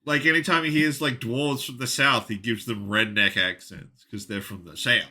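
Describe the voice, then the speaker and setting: Bright-voiced man rambling with swears. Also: medium pitch, steady tone, moderate pace. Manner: rambling, swears, many fillers. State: sick, coughing. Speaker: podcast co-host. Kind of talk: casual chat.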